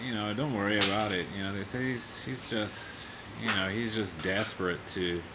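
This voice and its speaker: A man rambling casually about his job, full of "you know" and chuckles, talking at home. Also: noisy background. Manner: meandering, constant "you know", chuckling, deliberately low-key. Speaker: video blogger.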